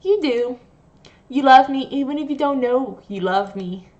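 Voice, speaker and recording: A woman puts on a young nurse who coos and coaxes, her voice lifted high and sugary. The sweetness never lets go and turns clinging and possessive. The sound is dull and lo-fi. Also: animated, unhurried, a little mellow. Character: sweetly menacing obsessive young female nurse.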